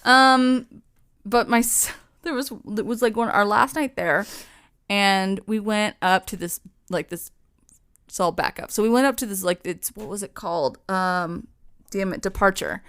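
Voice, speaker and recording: A young woman co-hosting a podcast, telling a story in casual chat, swearing freely and acting out what people said in lively voices. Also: medium pitch, measured pace, clean tone. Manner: swearing storyteller, acts out quotes in animated voices. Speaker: podcast co-host.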